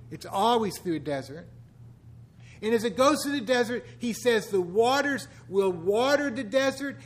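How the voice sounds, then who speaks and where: A man in his sixties, a pastor giving a conversational sermon full of wry, joking asides. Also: high-pitched.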